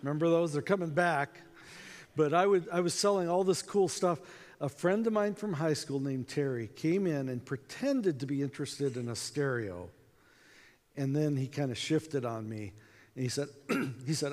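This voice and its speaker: A man giving a storytelling talk to a conference audience, acting out dialogue in an animated way, with reverb from a hall. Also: a little high, normal speed. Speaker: conference speaker.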